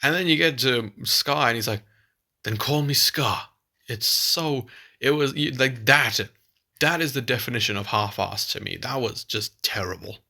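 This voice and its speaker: A man's voice: mid-range voice, moderate pace, vocal fry, sharp tone. A man giving a casual film review, rambling and exasperated, with many restarts.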